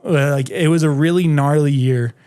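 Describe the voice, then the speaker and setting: A young man in his twenties chatting as a podcast guest, telling stories in an animated, rambling way with constant "like" fillers. His voice sits a touch high for a man but sounds mellow and relaxed. The recording is dry and close, with no room sound. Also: moderate pace, clear, resonant tone, no echo. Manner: animated storyteller, heavy "like" filler. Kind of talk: casual chat.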